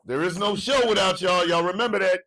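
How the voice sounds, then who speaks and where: A man hosting a morning talk show, animated, chanting hype calls and ranting, swinging between shouts and low asides. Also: fairly quick, far from the mic, rough recording. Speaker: radio show host.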